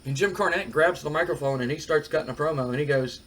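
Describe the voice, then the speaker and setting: A man's voice: fairly high pitch, fast talker, few pauses. A man casually talking through a wrestling management game for his channel, rambling with lots of fillers. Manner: rambling, relaxed, many fillers. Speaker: gaming video creator.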